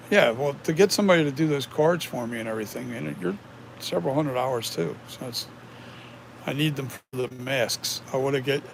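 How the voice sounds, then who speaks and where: A man's voice: medium pitch, gravelly. Man chatting casually over background noise. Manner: rambling, reads and answers chat comments. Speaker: mask maker streaming to viewers. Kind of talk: casual live-stream chat.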